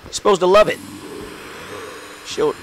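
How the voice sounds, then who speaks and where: A man doing excitable, trash-talking commentary on the game he is playing. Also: sits high, unhurried, a little hiss or hum. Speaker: let's play gamer. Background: game music.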